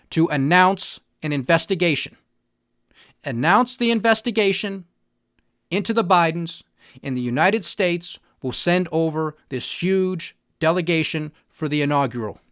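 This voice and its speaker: A man's voice: on the high side, fairly bright tone, smooth, no room sound, studio quality. A man hosting a political commentary podcast, talking emphatically and checking in with the listener. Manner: emphatic, repeats "All right?" to the listener. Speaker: podcast host.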